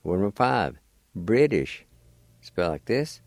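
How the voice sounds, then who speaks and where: A man teaching a slow radio language lesson, spelling words letter by letter. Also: low-pitched, lively intonation, darkish tone, no room sound.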